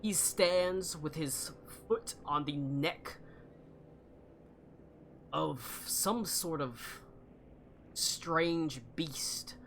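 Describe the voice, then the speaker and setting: Slow, bright-voiced game master. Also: male voice, on the high side, gravelly, slight background noise. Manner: slow, halting narration with many fillers. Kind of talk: narrating a tabletop game.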